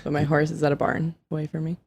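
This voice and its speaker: A woman's voice: low-pitched, level tone, fast, a little mellow, a little hiss or hum. A woman guest on a casual podcast, talking in a playful, laughing way.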